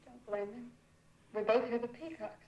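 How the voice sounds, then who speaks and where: An actress playing an anxious young wife in a 1950s film, pleading and unsure. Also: female voice, fairly high pitch, steady tone, normal speed, a little mellow, natural voice. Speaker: film character. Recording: hissy 1950s film soundtrack.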